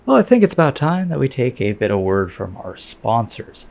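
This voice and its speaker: A man's voice: medium pitch, very animated, normal speed, creaky, darkish tone. A man commentating his own sim race in a chatty, self-deprecating way.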